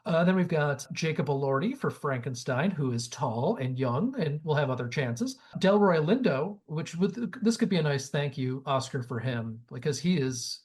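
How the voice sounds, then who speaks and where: A man's voice: a little high, animated, moderate pace, few pauses, darkish tone, breathy edge. A man hosting a podcast in casual chat, jokey and opinionated, swearing now and then. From Great Lakes region of the US. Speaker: podcast host.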